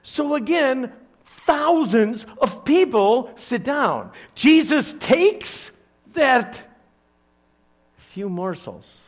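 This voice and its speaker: An older man preaches with a high, very lively voice that rises and falls across the phrases. He takes his time, slowing to let points land, and tells the story with playful asides. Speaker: pastor. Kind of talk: sermon.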